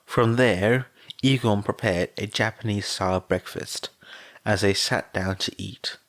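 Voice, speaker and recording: Guy reading fanfic aloud, low pitch, takes his time. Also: no echo. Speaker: fan fiction reader. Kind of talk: audiobook narration.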